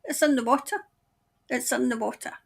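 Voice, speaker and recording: A high-pitched woman talks through an intuitive psychic reading as a tarot reader. She muses aloud and often breaks off mid-thought to restart. Her manner stays hesitant and searching. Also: vocal fry, slightly rough. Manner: musing aloud, halting, trailing off and restarting; speaks of seeing and hearing things.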